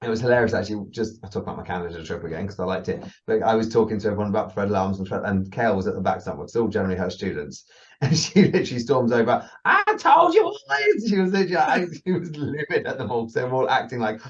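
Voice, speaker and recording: A man co-hosting a casual podcast as a dog agility trainer, telling animated stories, laughing and swearing. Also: fairly low pitch, very fast, highs cut off, slight background noise.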